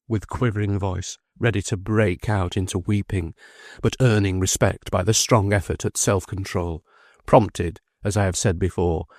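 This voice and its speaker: Man narrating a classic novel: measured, expressive, fairly low voice, dry studio sound. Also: dry recording. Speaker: audiobook narrator. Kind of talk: scripted audiobook narration.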